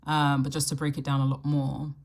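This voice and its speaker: A woman hosting her astrology channel, talking casually to camera and thinking aloud in a reflective way, with the odd soft laugh. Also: deep voice, monotone, a little fast. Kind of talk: casual solo talk to camera.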